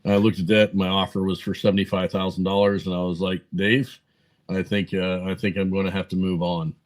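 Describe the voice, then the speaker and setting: A man in his forties with a low, fairly flat voice, talking as a podcast guest. He rambles through anecdotes, full of "uh" and "um", and acts out both sides of old conversations. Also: a little fast, rough recording. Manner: rambling anecdotes full of fillers and quoted dialogue. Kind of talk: casual storytelling interview.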